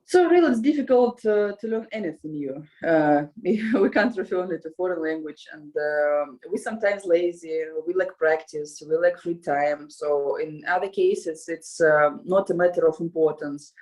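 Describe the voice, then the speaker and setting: A woman's voice: lowish voice, normal speed, few pauses, a little mellow, low-quality recording. A woman with a Russian accent, a language school co-founder answering interview questions casually, with many fillers and restarts.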